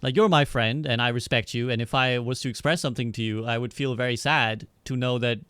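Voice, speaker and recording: A man on a podcast calmly arguing his point, reasoning aloud and often checking in with "right?". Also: mid-range voice, fairly quick, smooth, no room sound. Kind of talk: casual debate.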